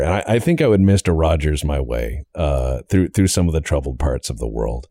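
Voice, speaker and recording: A man hosting a casual podcast chat, animated and acting out little quoted exchanges. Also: extremely low pitch, brisk, few pauses, dry recording. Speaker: podcast host.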